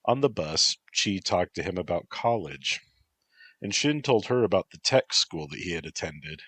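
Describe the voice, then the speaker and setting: A man reading story narration in a measured, plain way, close to the mic. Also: low voice, fairly bright tone, husky, no echo. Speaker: story reader.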